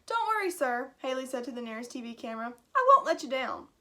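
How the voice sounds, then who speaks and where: A woman's voice: high-pitched, expressive, fairly quick, creaky, a bit bright, heavily acted. A woman voicing a self-assured teenage girl in a storybook. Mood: eager.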